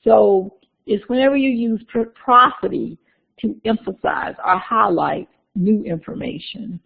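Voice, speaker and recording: A woman's voice: mid-range voice, unhurried, vocal fry. A woman lecturer explaining course material to her class in a classroom, with frequent "uh" fillers and small restarts. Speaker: university lecturer. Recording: phone-like lecture recording.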